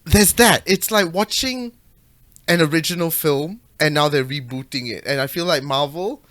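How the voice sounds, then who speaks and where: A man's voice: a little high, normal speed, fairly bright tone. A man from Malaysia co-hosting a casual podcast, giving opinionated, joking takes and swearing now and then. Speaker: podcast co-host. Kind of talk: casual chat.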